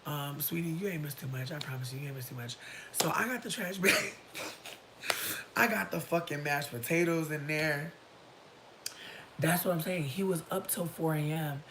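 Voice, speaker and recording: A person in their thirties telling a story on a casual livestream, profane and animated, breaking into shouts and laughter. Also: medium pitch, moderate pace, pauses often, noisy background. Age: 30s. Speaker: livestream host.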